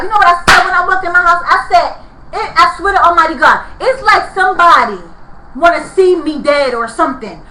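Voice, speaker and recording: A woman rants to the camera with a very high, piercing voice. Her talk is heated, profane and repetitive, and she circles back over the same complaints. The sound rings in an echoey room. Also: fairly quick, bright, forceful tone, a little hiss or hum. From New York. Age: 30s. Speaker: vlogger. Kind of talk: angry venting vlog.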